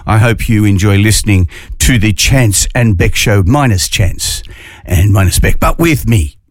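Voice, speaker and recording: Chatty Australian radio host, dry sound. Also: male voice, lowish voice, lively intonation, no room sound. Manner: chatty, jokey, drawn-out phrasing. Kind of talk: casual morning radio chat.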